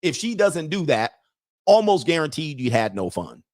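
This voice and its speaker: A man's voice: a little high, sing-song, normal speed, darkish tone. A man hosting a show of dating advice for men, talking in a blunt, preachy casual monologue and laughing at his own points. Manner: acts out other people's lines in put-on voices.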